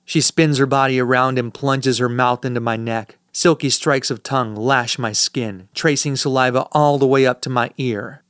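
A man's voice: mid-range voice, fairly even intonation, normal speed, few pauses, fairly bright tone, smooth, dry recording. A man narrating a first-person audiobook in a dry, sardonic manner, recorded on a close studio mic.

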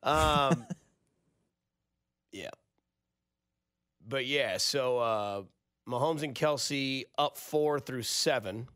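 A man's voice: mid-range voice, very slow, pauses often, fairly bright tone, smooth, dry recording. A man hosting a casual late-night sports radio show from a studio, talking in a rambling, conversational way and correcting himself as he goes.

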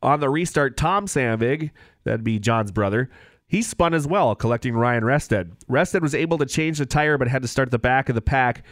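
A man's voice: mid-range voice, lively intonation, dry recording. Dry-sounding man reading race results. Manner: brisk, reads standings and lap details, laughs easily. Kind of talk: casual results recap.

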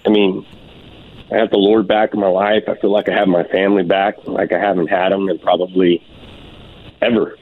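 A man on a phone-in, heartfelt and halting, stumbling through fillers as he talks. His voice sits fairly low and comes through a thin, tinny phone line. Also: level tone, a little hiss or hum. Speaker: caller, former client. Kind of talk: phone-in interview.

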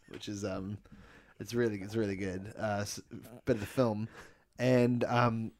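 A man's voice: lowish voice, little pitch movement, unhurried, a little mellow. A young man co-hosting a comedy podcast, riffing playfully on a film, giggling and hamming up villain lines. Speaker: podcast co-host. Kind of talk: comedic movie recap with improvised character voices.

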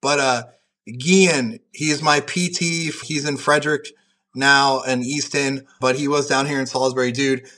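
A young powerlifter who also referees tells stories as a podcast guest in a medium-pitched, sharp voice with fairly even intonation and normal speed. The chat is casual, and he's rambling and profane, with heavy use of "like."

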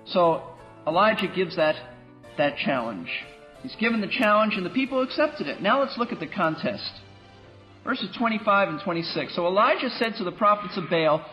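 A male pastor teaching a Bible class in an animated, wry way with playful asides. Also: high-pitched, fairly quick, dull audio, soft background music.

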